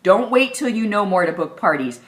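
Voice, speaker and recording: A woman's voice: mid-range voice, very animated, moderate pace. A woman leading a sales training session, talking in a direct, upbeat coaching manner. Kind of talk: training video talk.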